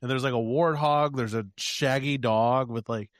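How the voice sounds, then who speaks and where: A man's voice: mid-range voice, steady tone, normal speed, no echo, studio quality. A man co-hosting a podcast, chatting with enthusiasm and scattering "like" through his sentences. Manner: enthusiastic, full of "like" fillers. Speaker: podcast co-host. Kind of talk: casual chat.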